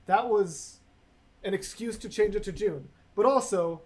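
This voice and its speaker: A man's voice: high voice, unhurried, darkish tone. A man hosting a music reaction video, talking in a casual, enthusiastic way and gushing with repeated exclamations.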